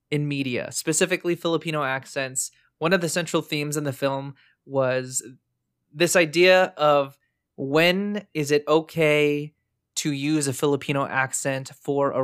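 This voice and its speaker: Podcast host, smooth clear voice, earnest rambly chat, dry close mic. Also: mid-range voice, a bit bright, no echo.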